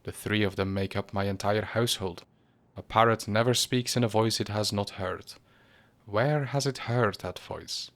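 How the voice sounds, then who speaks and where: A man voicing an irritable, agitated male professor in a storybook reading, speaking in a high, sharp, insistent voice. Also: normal speed.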